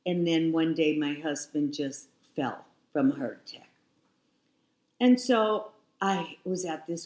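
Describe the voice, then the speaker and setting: Low-voiced, unhurried woman in her sixties, candid storyteller, echoey room. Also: darkish tone. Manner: reflective, frank, repeats phrases. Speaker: guest.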